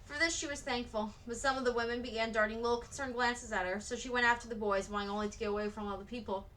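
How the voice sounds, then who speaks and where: A woman reads a children's novel aloud at a steady pace. Her voice is bright and sits a little high. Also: fast, low-quality recording. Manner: steady storybook reading. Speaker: read-aloud narrator.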